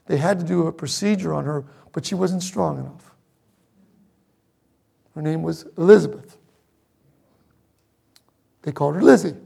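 Man, middle-aged pastor, sermon storytelling, husky, heavy vocal fry. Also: a little high, normal speed, pauses often. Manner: emotional, swings between loud emphasis and hushed asides.

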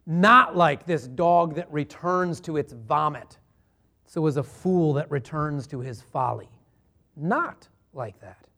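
High-voiced man preaching a sermon. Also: lively intonation, measured pace, pushed and bright. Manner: earnest and conversational, with rhetorical questions. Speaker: pastor.

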